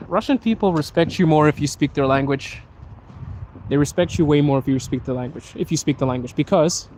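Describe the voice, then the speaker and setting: A somewhat high-voiced man chats loosely with his viewers while he walks outside in the snow, joking and reading their questions aloud. He is talking into a phone, and faint traffic and street noise sit behind his voice. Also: a little mellow. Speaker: livestream host. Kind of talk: casual livestream chat answering viewer questions. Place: outdoors on a snowy city street.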